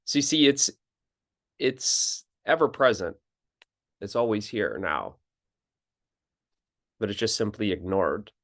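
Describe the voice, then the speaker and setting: A man who is a spiritual teacher explains things calmly in an unhurried, contemplative talk, pausing and restarting phrases. His voice is on the low side.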